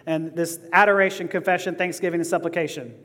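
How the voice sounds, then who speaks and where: High-pitched guy preaching, earnest, gets passionate, big echoey hall. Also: steady tone, quick pace, bright, forceful tone. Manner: earnest, rises to passionate emphasis. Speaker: pastor. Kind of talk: sermon.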